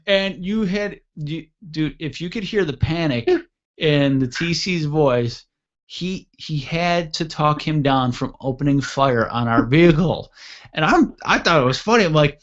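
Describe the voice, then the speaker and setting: Animated storytelling man, lo-fi sound. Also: fairly high pitch, measured pace. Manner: animated, acts out quoted voices loudly. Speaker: podcast host. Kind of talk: casual storytelling. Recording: dull lo-fi audio.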